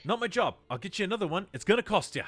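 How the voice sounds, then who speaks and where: A man voicing a brash male gnome barkeep who is loud and cocky. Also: sits high, sing-song, very fast, faint music behind, pitched above the performer's own voice, exaggerated voice. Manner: loud, brash, calls people son.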